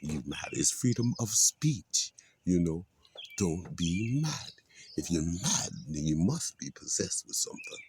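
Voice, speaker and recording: A man's voice: sits low, big pitch swings, unhurried, noisy background. A man, filled with "you know" and quoting scripture like a street preacher. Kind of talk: casual spoken monologue.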